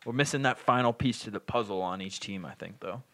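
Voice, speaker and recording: A man's voice: lowish voice, fast talker, a bit bright, no room sound. A man hosting a sports and beer podcast who talks casually, often hesitating and correcting himself. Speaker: podcast host.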